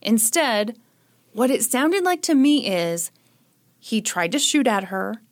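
A woman co-hosting a casual true-crime chat, retelling the details of a case with wry, dark jokes. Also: fairly high pitch, very animated, takes it slowly. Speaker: podcast co-host.

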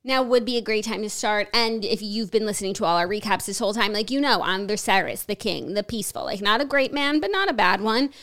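A woman co-hosting a casual morning chat, wry with quick quips. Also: medium pitch, a bit bright. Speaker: podcast co-host.

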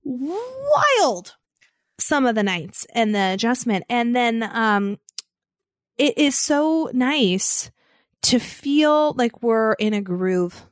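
A woman in her thirties co-hosts a relaxed podcast and tells lively stories about her children, breaking into laughter often. Her voice sits a little high and sounds close and dry. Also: takes it slowly, no room sound. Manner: animated storytelling, laughs often. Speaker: podcast co-host. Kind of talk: casual chat.

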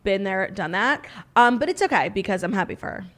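A woman's voice: mid-range voice, lively intonation, brisk, a bit bright. Chatty young woman podcast co-host. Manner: chatty, filler-heavy, playful. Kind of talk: casual chat.

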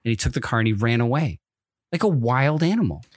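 A man's voice: mid-range voice, lively intonation, fast, no echo, clean studio sound. A man in his thirties, a podcast co-host, chatting casually and telling a rambling story with many self-corrections. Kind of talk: casual chat.

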